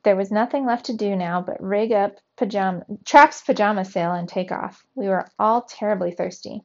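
Woman reading a storybook aloud, expressive. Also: mid-range voice, moderate pace, creaky, few pauses. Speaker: reader for young students. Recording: dull lo-fi recording.

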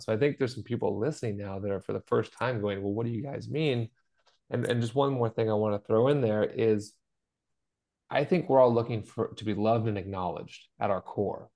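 Earnest low-voiced man telling a story. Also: fast, gravelly, darkish tone. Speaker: podcast co-host. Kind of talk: conversational podcast chat.

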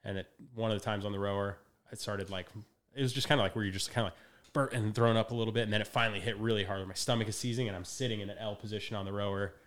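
Man, young adult, podcast guest, quick lively storyteller, slightly low voice. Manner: animated storyteller, acts out quotes, laughs often. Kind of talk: casual podcast conversation.

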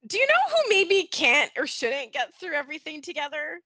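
A woman co-hosting a podcast in casual chat, animated and laughing, acting out characters' lines. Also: high voice, normal speed, dry recording. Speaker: podcast co-host. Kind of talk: casual chat recapping a soap opera.

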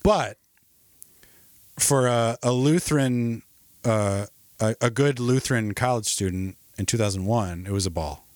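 A man's voice: medium pitch, a little slow, darkish tone, no echo, clean studio sound. A man in his forties co-hosting a podcast, cracking sarcastic jokes in casual banter. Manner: joking, sarcastic asides. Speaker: podcast co-host.

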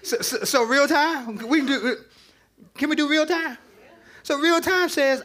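A man preaching a lively, conversational sermon to a congregation, joking with the crowd as he teaches. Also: very high voice, measured pace. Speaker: pastor. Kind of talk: interactive sermon. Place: church with live congregation.

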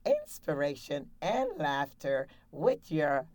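A woman with a low voice leads a guided laughter exercise, talking slowly and upbeat, cheering her listeners along. She speaks close to a studio mic with a dry sound and no room echo. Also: big pitch swings, a little mellow. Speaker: laughter yoga coach and show host.

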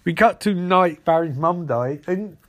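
A man rattles through a comedic recap of a TV episode, full of sarcasm. His voice sits high for a man, and he jumps into the characters' lines as he goes. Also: lively intonation, a little slow, fairly bright tone.

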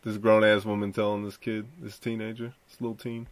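A man's voice: fairly low pitch, flat delivery, fairly quick. A young man hosting a podcast, rambling and profane as he reacts to clips and tells a story. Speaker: podcast host. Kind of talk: casual commentary reacting to clips.

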